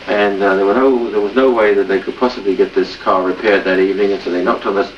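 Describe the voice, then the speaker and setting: A man's voice: lowish voice, fairly even intonation, fast, slight background noise. A middle-aged man rambling through a long joke, full of "uh" and "he said", on a lo-fi home video. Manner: rambling storyteller, many "he said" and "uh"s. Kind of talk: telling a joke. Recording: echoey lo-fi home video from far off.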